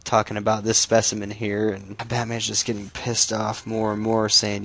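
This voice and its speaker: Gravelly low-voiced man recapping a comic. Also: completely flat delivery, fairly bright tone. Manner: casual, swears freely, halting restarts. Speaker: comic book recap YouTuber. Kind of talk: casual spoken comic recap.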